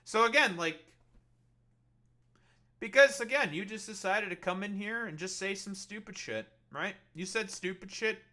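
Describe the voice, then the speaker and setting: A man's voice: high-pitched, moderate pace, sharp tone. A man streaming live, arguing with his chat in a profane, combative and mocking way. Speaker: political streamer. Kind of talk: livestream argument with chat.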